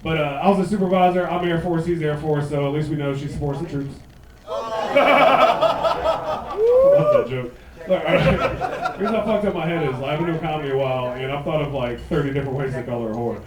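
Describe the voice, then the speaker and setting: A man in his thirties performing a profane stand-up set, loud and punchy, slipping into mocking put-on voices. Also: on the high side, fairly quick. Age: 30s. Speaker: stand-up comedian. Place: comedy club stage. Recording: echoey club, mic heard from a distance, laughing crowd.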